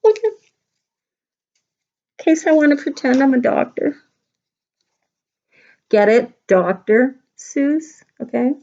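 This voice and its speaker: A woman's voice: high-pitched, slow pace, pauses often, warm tone. A middle-aged woman, a kindergarten teacher, talking young children through a craft lesson in a playful, chatty way. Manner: chatty, playful, talks straight to kids. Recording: dull lo-fi home video sound.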